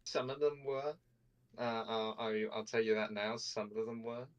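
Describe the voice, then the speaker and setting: A man's voice: medium pitch, steady tone, normal speed. Laid-back man chatting. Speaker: reader. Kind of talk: casual chat.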